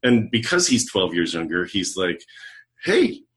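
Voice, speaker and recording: A middle-aged man with a fairly low voice tells a personal story in an easy conversational way. He slips into the voices of the people in his story as he goes. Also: normal speed. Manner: animated storyteller who acts out quoted dialogue. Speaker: podcast guest, leadership coach.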